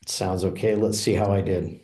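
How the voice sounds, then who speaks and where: A man walking through a software demo, explaining each feature in a relaxed, explanatory way. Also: low-pitched, moderate pace. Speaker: software presenter. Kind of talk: product demo walkthrough. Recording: roomy echo.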